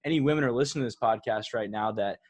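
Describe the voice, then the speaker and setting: A man's voice: mid-range voice, racing, darkish tone, dry recording. A young man in his twenties hosting a podcast, asking rambling questions full of fillers. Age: 20s. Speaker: podcast host. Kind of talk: casual interview.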